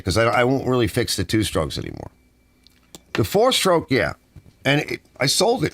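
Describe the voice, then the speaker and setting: Reading chat aloud on a rambling live stream, this middle-aged American host sounds grumbly yet animated. His pitch is medium, and there's no echo.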